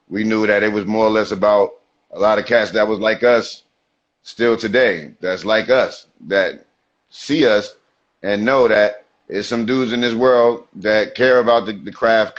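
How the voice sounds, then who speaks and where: A man with a low voice tells stories in a relaxed, streetwise way, full of slang. He talks over a video call, and the sound comes through dull and lo-fi. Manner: laid-back, streetwise storytelling with slang. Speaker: guest rapper. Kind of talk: casual storytelling interview. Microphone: video call mic.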